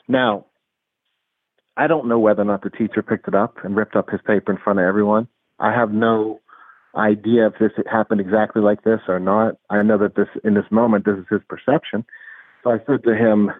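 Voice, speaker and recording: A man's voice: lowish voice, brisk, breathy edge, no echo. Earnest man on a tinny phone line. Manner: earnest, animated, acts out dialogue in retelling. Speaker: guest, anger management specialist. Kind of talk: interview talk, storytelling.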